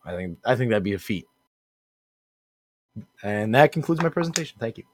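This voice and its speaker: A man's voice: medium pitch, very animated, normal speed. A man, co-hosting a casual podcast chat, rambling and playful with self-deprecating asides. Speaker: podcast co-host.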